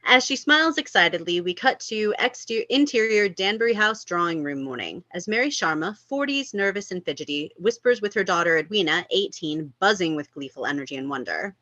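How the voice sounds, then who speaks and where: Woman reading stage directions, lively pitch, bright voice, lo-fi dry sound. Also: a little fast, hardly any pauses, dry recording. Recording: dull lo-fi sound.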